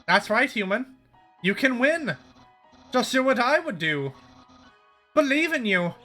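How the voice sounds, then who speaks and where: A man's voice: extremely high pitch, very animated, unhurried, pushed and bright, faint music behind, exaggerated voice. A man voicing a boastful, upbeat male skeleton monster from a video game, cheering the hero on. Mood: encouraging. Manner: cheerful and encouraging.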